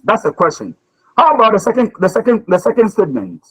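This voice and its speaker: A man's voice: high voice, sing-song, fairly quick, slightly rough, low-quality recording. A man teaching a communication class, lecturing and questioning students, often repeating his words.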